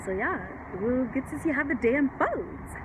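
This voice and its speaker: A woman's voice: high-pitched, lively intonation, moderate pace. A woman from South Africa talking casually to camera in a vlog, chatty and upbeat, a little stuffy from a cold. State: nose blocked with flu. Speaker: vlogger. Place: outdoors on a sunny cold day. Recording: outdoor noise behind.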